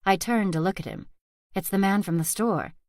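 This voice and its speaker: A woman's voice: mid-range voice, moderate pace, a little mellow, no room sound, studio quality. Woman narrating in whispered role-play. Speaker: audiobook narrator. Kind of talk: scripted narration.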